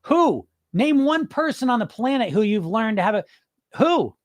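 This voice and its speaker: A man's voice: very high voice, sing-song, normal speed, no room sound. Blunt, profane man hosting a live stream. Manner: blunt, profane and emphatic, firing rhetorical questions. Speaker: podcast host and hypnotist. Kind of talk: casual live-stream talk answering chat comments.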